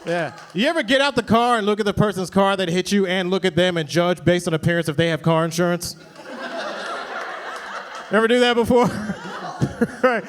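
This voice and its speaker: A man's voice: sits high, normal speed, background noise. A man doing a stand-up comedy set in a club, telling a story and acting out the people in it. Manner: animated storytelling with acted-out voices. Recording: live crowd laughter.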